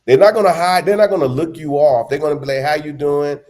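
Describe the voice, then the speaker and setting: A man's voice: a little high, animated, fast talker, a little mellow. A man co-hosting a travel show, talking casually with lots of restarts and emphatic stresses. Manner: rambling, many restarts, emphatic. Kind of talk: casual conversation.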